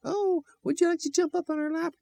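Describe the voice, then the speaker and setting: A man voicing doting little children in a storybook, with a slow, cooing sing-song. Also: extremely high pitch, steady tone, gravelly, mellow, voice pushed up.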